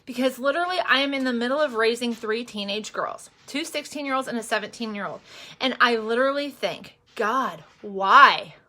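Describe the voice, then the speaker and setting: In a casual, chatty makeup vlog, a bright woman who also does direct selling rambles with lots of fillers and turns earnest and emotional about her faith. Her voice is on the high side and her pace is brisk.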